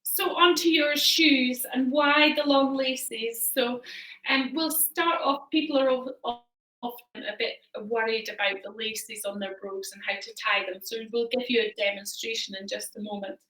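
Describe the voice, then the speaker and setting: A woman with a bright, fairly high voice walks viewers through a topic in a live shop chat from home, hesitating often with ums. She sits a little away from the mic, and the room gives her voice a noticeable echo. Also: moderate pace, recorded from a distance. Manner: hesitant, many ums, explanatory. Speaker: shop presenter.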